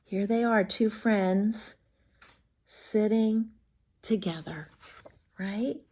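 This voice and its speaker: A woman teacher reading a picture book aloud to young children, speaking in an animated, talking-to-kids manner. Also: medium pitch, drawn-out words.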